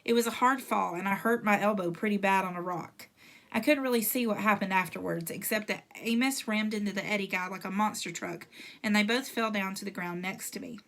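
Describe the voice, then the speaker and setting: A woman reading a novel aloud with a steady storytelling pace. Her voice sits in a middle pitch and stays even. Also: brisk. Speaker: reader.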